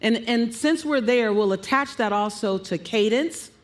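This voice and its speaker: A woman coaching on public speaking, emphatic and animated, telling listeners what to write down. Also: on the high side, measured pace. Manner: emphatic, animated, gives instructions.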